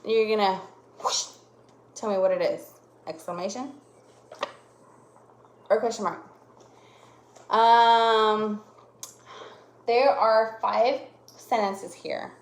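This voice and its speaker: A woman teacher giving a lesson to young children, speaking slowly and exaggerating her voice changes to demonstrate punctuation. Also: mid-range voice, steady tone. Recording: echoey room.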